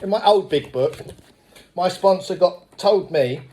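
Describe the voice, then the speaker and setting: A middle-aged man with a blunt, swearing manner, telling his recovery story at a meeting as a lively storyteller. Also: high voice, a little slow. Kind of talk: personal recovery testimony.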